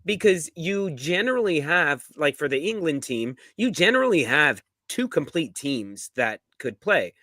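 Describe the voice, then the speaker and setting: Brief: man co-hosting a football fan show, jokey and laughing, a bit high-pitched, dry mic. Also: very animated, unhurried, hardly any pauses, bright, forceful tone, no room sound. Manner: joking, laughs often. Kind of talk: casual banter. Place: live-streamed show.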